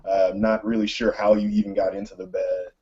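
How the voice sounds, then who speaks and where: A man narrating as game master of a tabletop role-playing game, slow and halting with many fillers. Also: lowish voice, very animated, creaky, mellow, dull audio.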